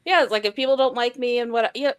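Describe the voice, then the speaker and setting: A woman's voice: on the high side, fast, clear, resonant tone. A woman co-hosting a live stream, chatting casually and giggling often. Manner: chatty, giggly, frequent fillers. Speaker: co-host.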